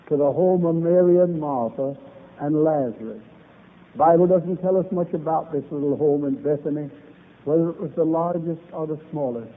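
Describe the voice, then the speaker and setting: A man preaching a revival sermon, opening with a prayer, in an old-fashioned preaching cadence with biblical phrasing. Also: a little high. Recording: tinny phone-like old recording.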